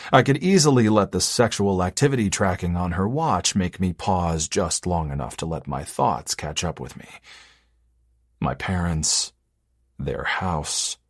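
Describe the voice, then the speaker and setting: Deep, husky male audiobook narrator. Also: dry recording, clean studio sound. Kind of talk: first-person romance audiobook narration.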